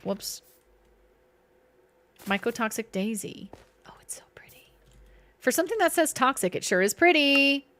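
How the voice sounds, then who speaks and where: Playful chatty woman streamer, lively pitch. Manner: playful, chatty, talks to herself and to chat. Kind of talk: casual live-stream chat while gaming.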